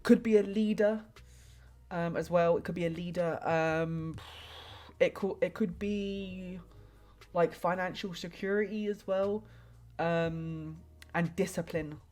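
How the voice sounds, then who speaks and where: A woman's voice: lowish voice, fairly even intonation, slow, darkish tone, faint music behind. A young woman live-streaming a tarot reading in casual chat, rambling and hesitant with many filler words.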